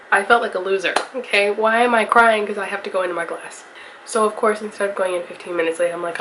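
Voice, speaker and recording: A woman's voice: lowish voice, a bit bright, poor audio. A young woman, a college student, telling a day's recap in a casual, swearing, chatty vlog. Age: young adult. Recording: vlog with clear ambient noise.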